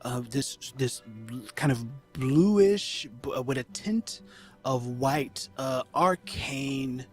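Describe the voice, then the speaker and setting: A man's voice: mid-range voice, animated, takes it slowly, faint music behind. A man narrating a tabletop game as game master in a loose, filler-heavy storytelling manner.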